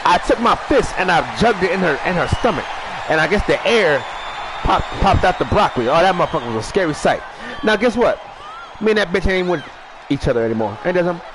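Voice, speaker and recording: A man hosting a wrestling show, shouting a rambling profane comic monologue, stuttering at times and eating while he talks. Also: high-pitched, expressive, quick pace, crowd noise, noisy background. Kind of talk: loud profane comedic monologue.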